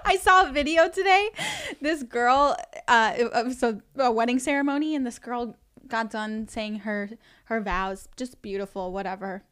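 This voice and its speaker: A woman's voice: a little high, moderate pace, fairly bright tone, clean tone. A young woman co-hosting a casual podcast, chatty and giggly. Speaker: podcast co-host. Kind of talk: casual couple chat.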